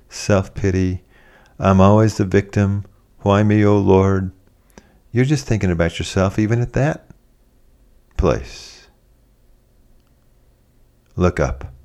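A man preaching a sermon, animated and conversational, acting out quoted voices as he speaks. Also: deep voice.

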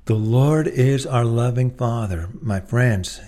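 A man's voice: mid-range voice, slow, hardly any pauses, mellow. A man preaching a sermon, earnest and emphatic, speaking directly to his listeners as friends.

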